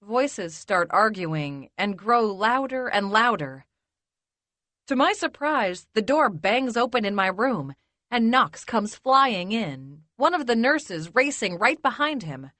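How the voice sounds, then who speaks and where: A woman narrating a first-person romance audiobook in a measured, intimate way. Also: on the high side, sing-song, sharp tone, no room sound.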